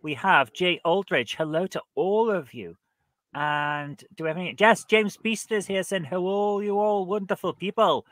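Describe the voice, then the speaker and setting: A man's voice: a little high, normal speed, a bit bright, no echo. A man hosting a playful online quiz show, with theatrical announcer flourishes and frequent laughter. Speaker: quiz host.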